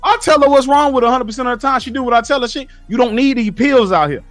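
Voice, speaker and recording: Man, high voice, blunt profane lecturing, casual livestream rant, faint music behind. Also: quick pace, fairly bright tone, dry recording. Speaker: streamer reading live chat.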